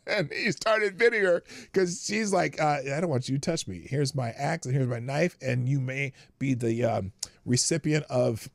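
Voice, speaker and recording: Gravelly-voiced older man, chatty commentary. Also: a little high, dry recording, clean studio sound. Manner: chatty, laughs often, reads articles aloud with asides. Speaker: host of a news commentary stream. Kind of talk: casual live news commentary.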